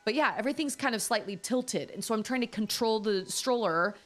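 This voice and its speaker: A woman streamer chatting casually, rambling and animated as she tells a story. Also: fairly high pitch, brisk, soft background music. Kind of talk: casual chat.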